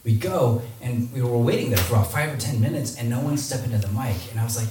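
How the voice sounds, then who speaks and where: A man's voice: fast, hardly any pauses. A man telling a story casually, full of "like" and "you know", acting out quoted people in a raised voice. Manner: animated, acts out quoted people in a higher voice. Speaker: public speaker telling his story. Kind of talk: storytelling talk. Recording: echoey room, distant mic, faint hum.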